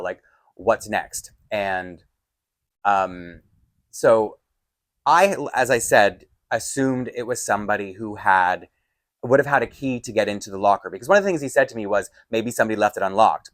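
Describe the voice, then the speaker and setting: A man telling a personal story in a casual vlog, animated and exasperated, with sudden loud outbursts. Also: lowish voice, no echo.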